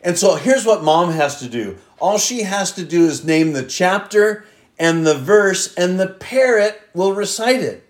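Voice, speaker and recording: A pastor delivers a sermon at an unhurried pace. He is a man with a fairly high voice, and he stretches the words he wants to stress. His voice echoes around a roomy church sanctuary. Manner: emphatic scripture reading, stretching key words.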